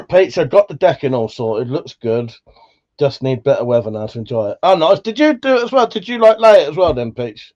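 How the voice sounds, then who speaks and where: A man with a Buckinghamshire accent hosting a livestream, reading out chat in a relaxed, sweary way, laughing often, his voice slightly worn. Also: medium pitch, muffled recording. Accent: Buckinghamshire English. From England. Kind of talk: casual chat.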